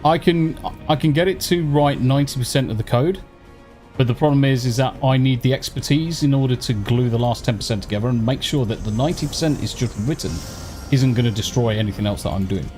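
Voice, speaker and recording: A man talking over voice chat during a game stream. He makes his points emphatically, repeats them for weight and swears freely. Game music plays clearly behind him. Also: mid-range voice, quick pace, darkish tone. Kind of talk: casual voice chat while gaming.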